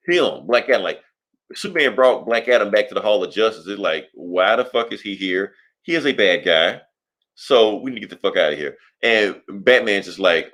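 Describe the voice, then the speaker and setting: Podcast guy recapping a comic, low voice, loose and profane. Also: expressive, a little fast, fairly bright tone. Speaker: podcast co-host. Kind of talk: casual comic book review chat.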